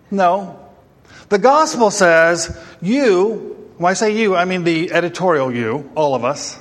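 Speaking at a measured pace, this male pastor's voice sits high with lively intonation. His emphatic sermon is packed with rhetorical questions for the congregation, recorded with long hall reverb.

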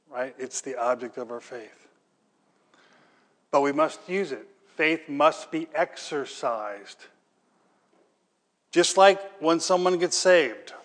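A pastor with a high, light, fairly bright voice preaches conversationally, tossing in rhetorical questions before building to emphatic, ringing peaks. His words fade into the long reverb of a large church hall.

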